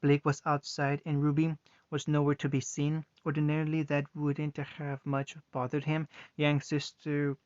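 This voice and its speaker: A man reading fan fiction aloud, halting with frequent restarts, in a muffled lo-fi recording. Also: a little high, monotone, darkish tone, no echo. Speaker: reader.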